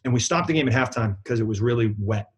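A man's voice: medium pitch, fast, husky. A man with a New England accent, a basketball program director, telling a long anecdote in a casual interview with many fillers and restarts.

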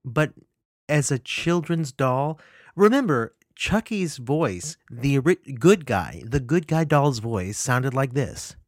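A man's voice: medium pitch, expressive, slow pace, no room sound, clean studio sound. A man giving opinionated film commentary who speaks in an indignant, emphatic way and often repeats himself. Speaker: film reviewer.

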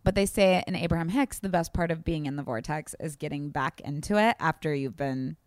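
A young woman with a lowish voice, talking in a relaxed, reflective way about inner life and cracking light jokes. Her voice sounds dry and close to the mic, with no room around it. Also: fairly quick, no room sound. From Kansas. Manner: reflective, spiritual talk with playful jokes. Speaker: podcast co-host. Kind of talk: casual chat.

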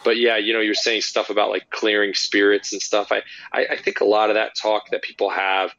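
A man, a paranormal investigator, telling lively, rambling anecdotes with lots of fillers in a casual interview. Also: on the low side, fairly quick, gravelly, no echo, lo-fi sound.

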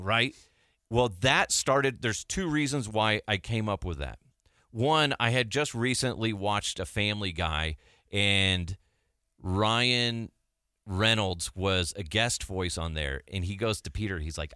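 Male host, former radio sidekick, animated storyteller, crisp dry close sound. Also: on the low side, unhurried, dry recording. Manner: animated storytelling, laughs often. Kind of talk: casual chat.

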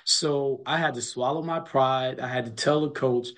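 A man's voice: medium pitch, animated, moderate pace. A middle-aged man, a college basketball coach, telling stories emphatically in a casual interview and repeating words as he builds a point.

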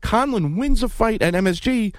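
A man's voice: sits high, lively intonation, dry recording. Blunt, opinionated man talking boxing. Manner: blunt, emphatic, rapid opinions. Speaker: boxing podcast co-host. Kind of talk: opinionated casual chat.

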